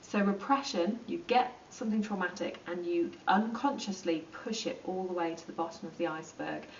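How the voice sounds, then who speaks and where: A woman explaining psychology in a relaxed, chatty lesson, with plenty of ums and acted-out asides. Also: on the low side, moderate pace, slight background noise. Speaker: psychology teacher. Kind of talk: informal lesson explaining to camera. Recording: roomy, distant and dull.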